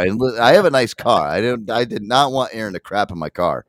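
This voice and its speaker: A man with a low, lively voice tells a crude road-trip story on a casual podcast. He swears freely and breaks into loud laughter, and the dry, close sound has no room echo at all. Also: a little fast, few pauses. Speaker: co-host.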